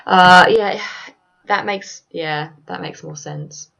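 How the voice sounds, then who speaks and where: A woman's voice: lowish voice, huge pitch swings, slow, vocal fry, fairly bright tone, rough recording. A woman co-hosting a podcast, casually recapping a manga chapter panel by panel and reading character lines aloud, sometimes stumbling over words. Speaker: podcast co-host.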